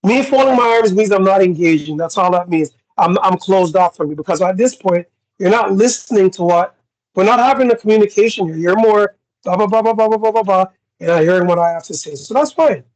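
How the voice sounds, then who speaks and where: Blunt high-voiced Canadian man. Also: brisk, low-quality recording. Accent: Canadian English. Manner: blunt, animated, acts out quoted exchanges. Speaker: podcast co-host. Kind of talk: casual podcast chat.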